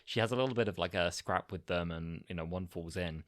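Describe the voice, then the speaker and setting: Young man, podcast co-host, animated chat, lower voice, dry close sound. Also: brisk, no echo. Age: 20s. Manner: animated, laughing asides. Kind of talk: casual chat.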